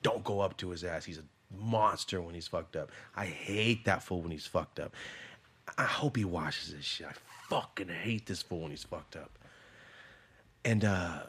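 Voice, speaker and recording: A man's voice: low-pitched, normal speed, a bit bright, husky. A man in his thirties telling a personal story in a casual chat, blunt and full of swearing. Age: 30s. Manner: profane, blunt, emotional storytelling. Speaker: podcast host.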